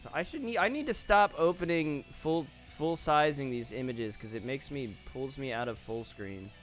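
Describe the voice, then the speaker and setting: A man's voice: mid-range voice, expressive, normal speed, fairly bright tone. Casual male streamer reacting offhand. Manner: reactive, reads posts aloud and comments offhand. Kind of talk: casual live-stream commentary. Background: faint guitar music.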